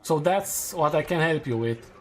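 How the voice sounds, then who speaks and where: A man's voice: fairly high pitch, expressive, moderate pace. A young man, streaming a game and chatting casually with viewers, thinking aloud and correcting himself as he goes. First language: Romanian. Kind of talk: casual live-stream chat while gaming.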